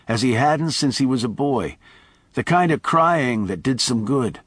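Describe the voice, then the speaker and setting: A man with a medium-pitched voice reads an audiobook in a measured, expressive way, recorded in studio quality with no room sound.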